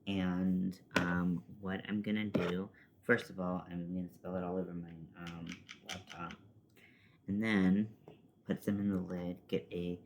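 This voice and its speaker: A man with a low voice talks slowly through a makeup tutorial at his desk at home. He rambles and pokes fun at himself, and now and then mutters a swear. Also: little pitch movement, background noise. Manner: rambling, self-deprecating, swears under breath. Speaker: makeup vlogger. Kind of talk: casual makeup tutorial chat. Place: at home, seated at a desk with a laptop.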